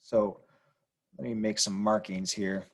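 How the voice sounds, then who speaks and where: A man explaining Spanish grammar rules over slides in a relaxed way, repeating points with fillers. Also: lowish voice, measured pace. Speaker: Spanish teacher.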